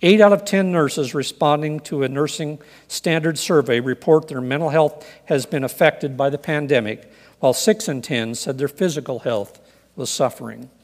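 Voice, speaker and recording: Man, pastor, sermon, earnest and measured, slightly high voice, long church reverb. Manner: measured, earnest preaching with scripture readings.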